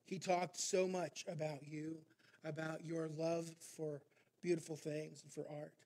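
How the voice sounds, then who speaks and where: A man's voice: on the high side, little pitch movement, measured pace, darkish tone. A male pastor preaching a sermon, narrating a story with frequent filler words.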